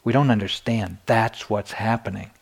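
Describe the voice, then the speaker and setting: A man's voice: lowish voice, steady tone, normal speed, creaky, breathy edge. An older man giving a meditation dharma talk, telling personal stories candidly with self-deprecating humor. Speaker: meditation teacher.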